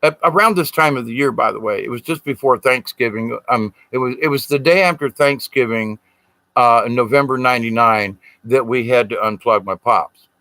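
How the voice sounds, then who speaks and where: A man's voice: mid-range voice, normal speed, pushed and bright, no room sound, rough recording. A middle-aged man, telling a personal story in an earnest, rambling way. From Southern United States. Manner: rambling, earnest, acts out quoted voices. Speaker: spiritual storyteller. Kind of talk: casual storytelling.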